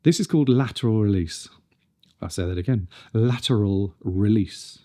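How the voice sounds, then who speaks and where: A man's voice: fairly low pitch, lively intonation, fairly quick, warm tone. A man teaching a pronunciation lesson, carefully demonstrating consonant sounds one at a time. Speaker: speech coach.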